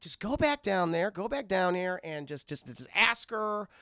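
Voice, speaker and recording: Guy doing magic furniture servants, chill and coaxing, lively voice. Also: high-pitched, normal speed, clear, resonant tone, no room sound, studio quality, heavily acted. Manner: coaxing, casual, slangy. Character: enchanted household objects, coaxing servants.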